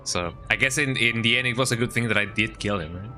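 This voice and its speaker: Bright-voiced, jokey male game streamer. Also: lowish voice, fast, soft background music. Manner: rambling and jokey, with lots of "eh?" and "you know". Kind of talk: casual gameplay commentary.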